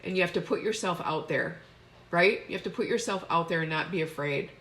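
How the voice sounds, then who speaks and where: Brief: effusive woman, lowish voice with a bright, forceful edge, live makeup chat. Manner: effusive, gushing, chatty. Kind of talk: casual live makeup tutorial.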